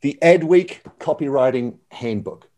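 A man's voice: medium pitch, lively intonation, measured pace, dark tone. Enthusiastic man, slangy. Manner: enthusiastic, slangy, calls the host mate. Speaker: guest. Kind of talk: casual interview chat.

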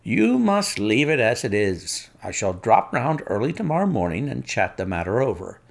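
A man reading an audiobook, voicing a sharp, brisk male detective who asks crisp, commanding questions. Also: mid-range voice, sing-song. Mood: firm.

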